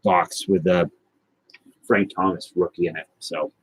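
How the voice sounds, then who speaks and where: A man with a fairly low voice hosts a casual livestream, answering his viewers' comments as they come in. He rambles and jokes at his own expense. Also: level tone, unhurried, husky. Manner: rambling, self-deprecating, joking with chat. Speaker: livestream host of a trading card and guitar show.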